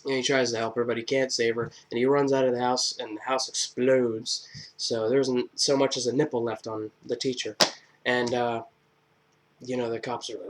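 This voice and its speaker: A man recapping a film in an offhand vlog review. He rambles with plenty of ums and uhs, and his humor is crude and irreverent. His pitch sits in a middle range. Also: level tone, moderate pace. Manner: rambling, filler-heavy, joking retelling. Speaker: movie review vlogger. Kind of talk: casual spoken movie review.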